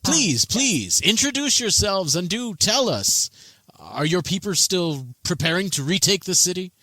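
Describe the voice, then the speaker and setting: Man playing a gracious governor, formal and polite, lively rising pitch, bright voice. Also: a little slow, dry recording, heavily acted. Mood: welcoming. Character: courteous tall male governor, formal.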